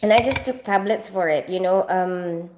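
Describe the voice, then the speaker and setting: A woman in her forties from the Philippines chats with her viewers from home, rambling along with plenty of fillers. Her nose is stuffy from allergies. The talk is loose and relaxed, with no script. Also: lowish voice, moderate pace, background noise. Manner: chatty, rambling, lots of fillers. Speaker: livestream host. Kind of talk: casual live chat with viewers.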